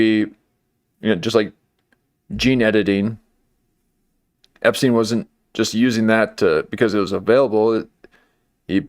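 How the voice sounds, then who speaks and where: A man's voice: fairly low pitch, no room sound, studio quality. A man hosting a comedy commentary livestream, talking in a wry, rambling way with lots of fillers and restarts.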